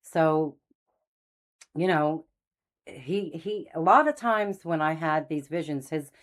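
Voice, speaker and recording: A woman's voice: sits low, slow. A middle-aged woman hosting a faith channel, telling her story in a casual, meandering way and losing her train of thought. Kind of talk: casual spoken testimony.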